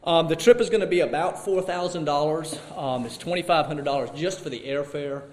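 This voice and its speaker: Man, slightly higher voice, eager Bible class teacher, rambly delivery with restarts. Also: brisk, darkish tone, roomy sound. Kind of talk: Bible class talk and prayer.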